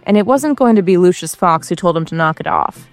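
A woman's voice: lowish voice, animated, fairly quick, no room sound, faint music behind. A woman reading a comic parody story aloud with playful, wry asides. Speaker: narrator.

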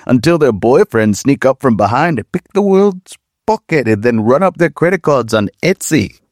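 A man's voice: medium pitch, very animated, normal speed, no echo, clean studio sound, pitched above the performer's own voice, lightly acted. A man voicing a rambling man who delivers an earnest, absurd speech full of oddly specific lists.

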